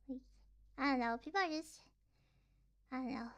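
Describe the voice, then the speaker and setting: A young woman streaming casually, rambling with lots of fillers and sometimes dropping into sighs and soft whispers. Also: high-pitched, slow. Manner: rambling, filler-heavy, animated ranting; drops to sighs and soft whispers between points. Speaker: vtuber streamer.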